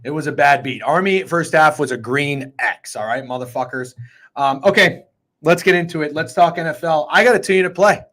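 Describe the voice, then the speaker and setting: A man hosting a sports betting show, talking in an excitable, profane, rambling way. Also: fairly high pitch, moderate pace. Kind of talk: casual sports betting chat.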